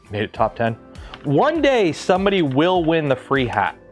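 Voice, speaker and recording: Rambling man hosting a livestream. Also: fairly high pitch. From Canada. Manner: rambling, full of ums and restarts. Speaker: livestream host. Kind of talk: casual livestream chat.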